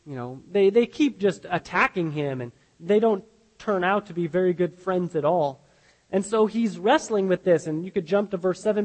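A man delivers a sermon in an earnest, emphatic way, often stopping to restart a sentence. His voice sits high for a man. The sound rings with the long reverb of a large hall. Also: animated, normal speed, a little mellow. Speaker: pastor.

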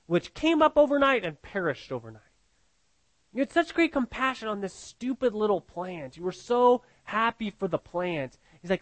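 Emphatic high-voiced male preacher. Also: dry recording. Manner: emphatic, repeats phrases, asks "right?". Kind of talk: expository sermon.

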